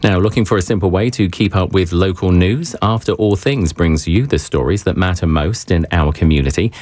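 A man hosts a public radio interview and reads station announcements. He has a very low, deep voice and a measured, polished broadcaster's delivery. The sound is dry and close to the mic. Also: darkish tone, dry recording. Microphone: studio microphone.

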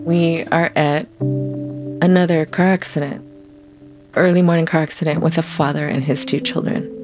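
A woman telling her own story in an interview, reflective and halting, often pausing to find her words. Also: deep voice, fairly even intonation. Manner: reflective, halting, soft-spoken. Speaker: interviewee, former prison firefighter. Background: soft music.

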